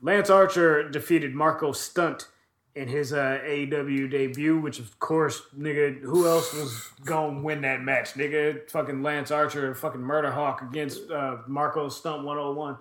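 On a casual podcast, a man gives a wrestling recap in a loose, profane ramble full of "uh" and "um." His voice sits a bit higher than most men's, with a steady, fairly bright tone and a measured pace. The room around him is echoey.

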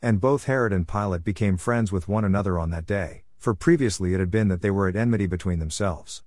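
A man reading scripture aloud in a plain, measured way, in short phrases. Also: sits low, a little mellow. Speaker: scripture reader.

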